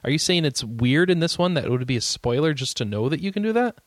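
A podcast host who leads the talk with curious questions. His pitch rises and falls a lot as he speaks, and the sound is dry and close. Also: fast, dry recording. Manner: inquisitive, lively, questioning. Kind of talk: casual podcast chat.

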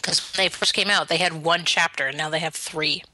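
A woman's voice: low-pitched, steady tone, brisk, pushed and bright, slight background noise. A woman co-hosting a casual gaming podcast, firm and argumentative as she makes her case. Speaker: podcast co-host.

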